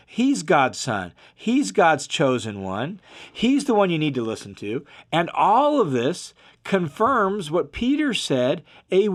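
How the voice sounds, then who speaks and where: Casual, fairly high-voiced male Bible teacher. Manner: casual and explanatory, with asides like "right?". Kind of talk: conversational verse-by-verse Bible commentary.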